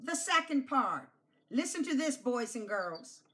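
A woman pastor giving an object lesson to children, slow and emphatic, repeating key phrases and coaxing them to say them back. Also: high voice, sing-song, pushed and bright. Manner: coaxes children to repeat after her.

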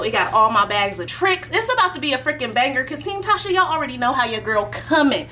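A young woman hosting a prank vlog, talking in an animated, sing-song, slangy way. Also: high voice, fast talker, few pauses, a little hiss or hum. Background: loud background music.

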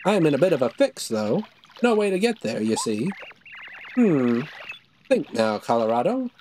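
A woman's voice: extremely low pitch, sing-song, moderate pace, dark tone, slight background noise. A woman voicing a pompous male explorer with theatrical, old-fashioned posh phrasing. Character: pompous male explorer, adventurous and self-assured.

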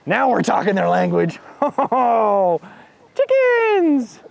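A man hosting a children's show outdoors at a farm pen, excitable, gasping and making sing-song animal sounds as he talks to young kids. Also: very high-pitched, normal speed, no room sound.

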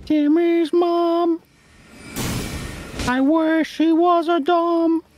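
A woman doing a high moaning lovesick zombie. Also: little pitch movement, drawn-out words, darkish tone, faint music behind, heavily acted. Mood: moaning longing.

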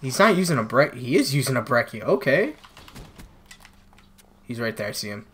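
A man's voice: medium pitch, big pitch swings, normal speed, pauses often, a bit bright, a little hiss or hum. A man commentating his own gameplay for viewers on a new microphone, frustrated and exclaiming as he plays. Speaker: gaming channel host. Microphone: new desktop microphone.

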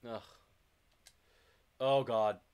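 A man streaming a video game, commenting live and swearing in loud frustrated outbursts. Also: medium pitch, fairly even intonation, extremely slow, clear, resonant tone.

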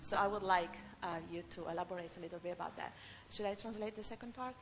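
A woman's voice: fairly low pitch, fast. A woman from Italy with an Italian accent, asking a speaker a question in English and repeating it in Italian, with some hesitation. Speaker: audience member asking question and interpreting. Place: college lecture hall. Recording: long hall reverb with faint room noise.

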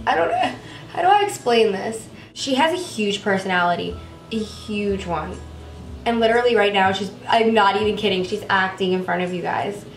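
A woman's voice: medium pitch, reverberant, recorded from a distance. A young woman vlogger chatting in a gushing, rambling way about her pet, with many fillers, recorded on a camera at home.

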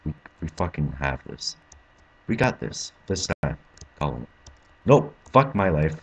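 A young man commentating his own gameplay, frustrated and swearing, with sudden angry yells. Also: low-pitched, breathy edge. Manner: frustrated, swearing, bursts into yelling. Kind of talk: let's play commentary.

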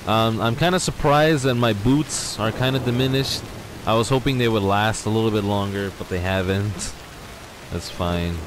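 A young man hosting a let's play, excitedly exclaiming and talking to his viewers from his garage. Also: lowish voice, moderate pace, background noise. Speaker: gaming channel host. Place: home garage.

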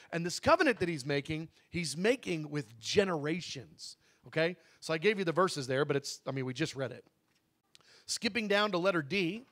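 A man with a notably high speaking voice leads a Bible teaching session. He talks in a conversational, emphatic way, drawing out the words he wants to stress and correcting himself mid-sentence. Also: fairly bright tone. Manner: conversational, with asides and self-corrections.

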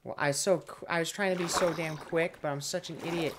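A man's voice: on the high side, fairly even intonation, fairly quick. A man commentating his own gameplay casually, groaning and mocking himself over his mistakes. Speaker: gaming streamer. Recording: loud background noise and clicks.

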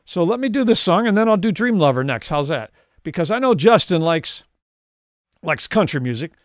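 A man's voice: high-pitched, sing-song, moderate pace, no room sound, clean studio sound. A man hosting a live music stream, crooning songs and chatting with viewers in a rambling way between songs, laughing often. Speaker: host and singer. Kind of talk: live-stream lounge singing and chat.

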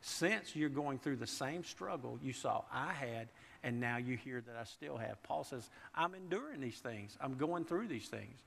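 A man's voice: medium pitch, animated, normal speed, vocal fry, hardly any pauses, fairly bright tone, slight background noise. A man preaching a sermon in a folksy way, repeating and restarting words and asking the congregation questions. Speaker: pastor. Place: church sanctuary. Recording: long church reverb.

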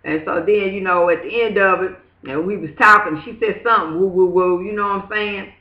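A woman's voice: medium pitch, brisk. Woman, casual testimony, rambling with many fillers; roomy echo, muffled lo-fi recording. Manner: rambling, full of "you know what I'm saying". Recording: echoey, dull lo-fi room sound.

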